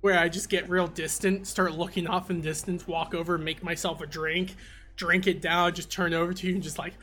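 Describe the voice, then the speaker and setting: A man's voice: high-pitched, little pitch movement, fairly quick, sharp tone, soft background music. Laughing man retelling comedy scenes. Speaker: podcast co-host. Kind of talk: casual chat.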